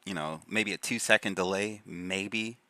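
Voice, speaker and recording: A man's voice: low voice, a little slow, pushed and bright, no echo. A man hosting his live stream, chatting in an easygoing way with short replies and frequent laughter. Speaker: streamer host. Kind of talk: casual chat. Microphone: voice call.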